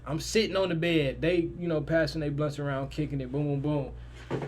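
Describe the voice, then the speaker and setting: Young guy telling a crazy story, kinda high voice, gets loud and animated when he quotes people. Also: a little fast, a little hiss or hum. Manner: animated, swings loud and high in quoted lines, swears freely.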